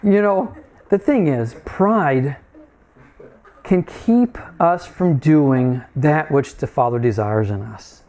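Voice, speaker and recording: A man's voice: a little high, animated, takes it slowly, warm tone. A man preaching a sermon in a conversational, folksy way, often asking his listeners questions.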